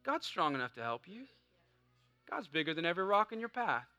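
A man preaching a sermon, swinging from loud fervent exhortation to a hushed, conversational story. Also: fairly high pitch, sing-song, fairly quick, faint music behind. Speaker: pastor.

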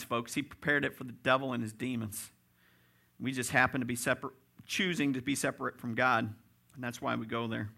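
Bright-voiced pastor preaching emphatically. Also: male voice, medium pitch, fairly even intonation, moderate pace, creaky. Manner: rising to loud emphatic peaks; direct, addresses congregation as folks. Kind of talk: sermon.

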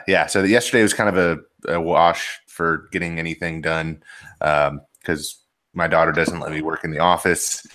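Easygoing deep-voiced man. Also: a bit bright. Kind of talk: casual live-stream chat.

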